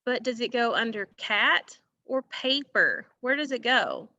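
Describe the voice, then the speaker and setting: A woman teaching an online phonics lesson, slowly stretching out vowel sounds and talking straight to her students. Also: on the high side, very animated, pushed and bright, muffled recording. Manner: slow, drawn-out modeling of vowel sounds, addressing students directly.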